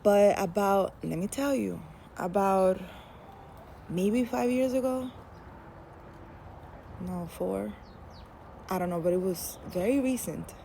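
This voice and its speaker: A woman's voice: mid-range voice, takes it slowly, vocal fry, long pauses, mellow, slight background noise. A woman casually telling a personal story to camera, chatty and candid, laughing at herself now and then. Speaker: spiritual storyteller.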